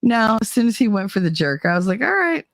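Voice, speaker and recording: A woman's voice: mid-range voice, quick pace, dry recording, clean studio sound. Blunt, swearing woman in casual chat. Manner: blunt, profane, laughing storyteller. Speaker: podcast host.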